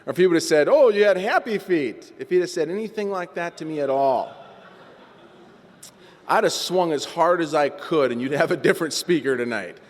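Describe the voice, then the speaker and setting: A man with a fairly high voice tells his recovery story to a meeting, in an animated, self-mocking way. His voice rings with long reverb through a large meeting hall. He talks from a podium mic. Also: fairly quick.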